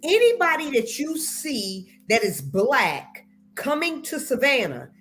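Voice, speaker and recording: Female panelist, slow and deliberate, animated voice. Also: sits high, slight background noise. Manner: hesitant, halting, then deliberate. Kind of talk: political talk show.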